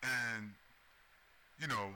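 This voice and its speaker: A man's voice: medium pitch, drawn-out words, bright, forceful tone. A man giving a profane video commentary, often tagging his points with "right?". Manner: profane, repeats "right?" as a tag. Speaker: commentary host.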